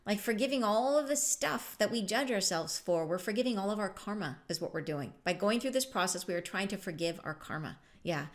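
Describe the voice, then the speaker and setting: A woman's voice: mid-range voice, expressive, brisk, hardly any pauses. Chatty reflective woman spiritual teacher. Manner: reflective, chatty, laughs often, many fillers. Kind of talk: relaxed spiritual talk.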